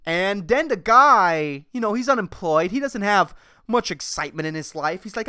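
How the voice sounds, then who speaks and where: A man hosts a casual solo podcast, ranting and rambling with plenty of swearing. His pitch swings widely, and his voice is bright and clear. The recording is dry and close. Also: animated, normal speed, dry recording. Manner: profane, rambling, exasperated ranting. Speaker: podcast host.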